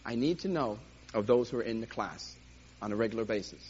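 A man teaching a church class in a lively, jokey way, acting out little scenes, on a dull lo-fi recording with faint hiss. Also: on the low side, fairly quick.

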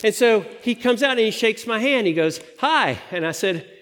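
A man's voice: sits high, animated, fairly quick, a bit bright, big-room sound, a little hiss or hum. A man from the United States preaching a sermon, telling a story and acting out the voices in it. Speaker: pastor.

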